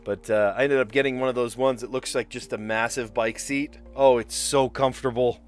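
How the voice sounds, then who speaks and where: A man's voice: medium pitch, steady tone, a little fast. A man live-streaming word puzzles, thinking aloud as he mutters guesses and chats with viewers. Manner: chatty with viewers.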